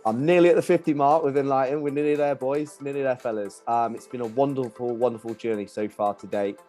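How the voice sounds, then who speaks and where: A man's voice: mid-range voice, steady tone, fast, dark tone. List: man, podcast host, mixed Midlands-Yorkshire accent, upbeat, matey chat, faint music behind. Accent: mixed English Midlands and Yorkshire. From Lincolnshire, England. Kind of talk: casual chat.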